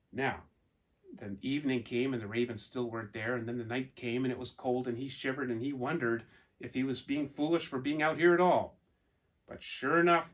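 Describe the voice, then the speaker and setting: A man telling a folk tale for children and then asking his listeners gentle questions, with animated, expressive delivery. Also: mid-range voice. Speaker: storyteller. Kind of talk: storytelling for children.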